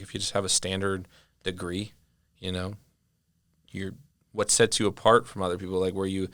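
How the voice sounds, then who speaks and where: A young man with a very low, gravelly voice tells stories as a podcast guest. He keeps it casual and animated, filling his sentences with "like". The recording is dry and close, with no room around him. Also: no echo. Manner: animated storyteller, heavy use of "like". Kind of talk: casual conversation.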